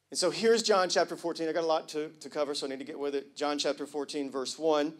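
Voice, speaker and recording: Lively high-voiced preacher man. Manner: emphatic, swings from hushed to loud and lively; casual slang, jokes with the congregation. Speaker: pastor. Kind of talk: sermon.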